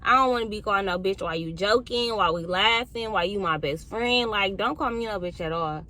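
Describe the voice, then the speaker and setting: Young woman talking aave, bright sharp voice, cussing a lot, quiet then heated. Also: mid-range voice, fairly quick. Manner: candid, heavy cursing, swings between quiet and heated. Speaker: podcast host. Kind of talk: casual monologue.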